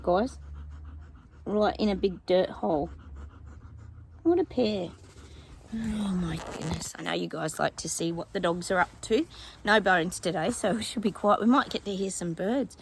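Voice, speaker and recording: A woman's voice: mid-range voice, lively intonation, moderate pace, creaky, a little hiss or hum, poor audio. An Australian woman vlogging outdoors in her yard, casually chatting with her viewers as a psychic, rambling and calling them "guys".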